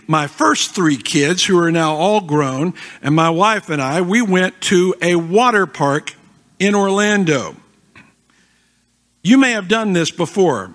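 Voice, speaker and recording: A man's voice: high-pitched, pushed and bright. A middle-aged man, a guest pastor, telling a funny self-deprecating story in a sermon.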